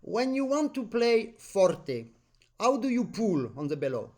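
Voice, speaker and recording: A man coaching an accordion student in a lesson, a native French speaker talking in animated, non-native English and humming musical phrases. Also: high-pitched, measured pace. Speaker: accordion teacher. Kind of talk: masterclass coaching.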